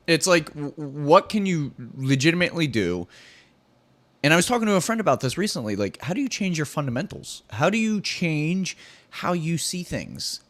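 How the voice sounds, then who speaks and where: A man's voice: fairly high pitch, sing-song, normal speed. Guy rambling on his podcast, swears a lot, voice bounces all over the place. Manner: candid, rambling, profane, self-deprecating. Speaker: podcast host. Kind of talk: solo podcast monologue.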